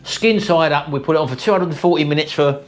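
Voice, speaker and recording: A man's voice: on the high side, fast talker. A middle-aged man, chatting casually to viewers as host of a home cooking vlog, enthusiastic and calling them folks. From England. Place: home kitchen.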